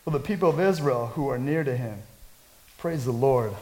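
A man preaching a sermon, reading scripture aloud and breaking into energetic, conversational asides. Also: medium pitch, normal speed, a little hiss or hum, rough recording. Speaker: pastor.

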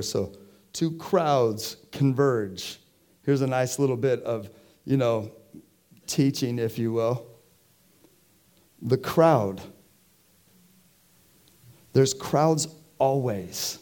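Male pastor, mid-pitched, warm and mellow, slow deliberate sermon delivery with a chatty question-asking manner. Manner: conversational, asks the congregation questions. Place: church.

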